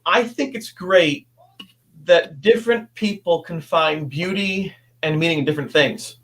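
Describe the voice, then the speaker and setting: A man in his fifties, a guest telling a personal story in an earnest, halting way with many restarts. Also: fairly high pitch, a crowd in the background.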